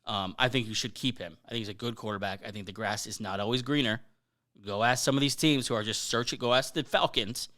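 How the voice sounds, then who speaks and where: A man hosting a sports podcast, talking things through in a casual way. His voice is bright and forward at a middling pitch. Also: fast. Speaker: podcast host.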